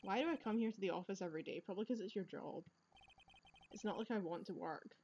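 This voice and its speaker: A woman's voice: medium pitch, fast, darkish tone, highs cut off, a little hiss or hum, close to an everyday voice. Woman reading as a weary young male lawyer. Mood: dry.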